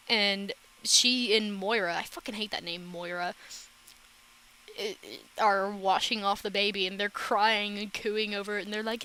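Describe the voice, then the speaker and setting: Woman ranting loosely at her webcam, sharp bright voice, lots of swearing. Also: medium pitch, little pitch movement, clear, resonant tone, low-quality recording. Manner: rambling, profane, quick asides. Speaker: reaction vlogger. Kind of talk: casual reaction chat.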